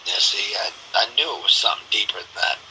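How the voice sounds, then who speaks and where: A man's voice: lowish voice, wildly swooping pitch, fast, bright, forceful tone, a little hiss or hum, rough recording. A man in a casual phone chat, chiming in with short reactions and questions.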